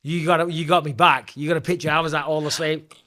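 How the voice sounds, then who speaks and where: A man's voice: fairly high pitch, flat delivery, quick pace, a bit bright. A man who is a podcast guest, telling a story with a playful, laughing manner. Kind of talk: casual chat.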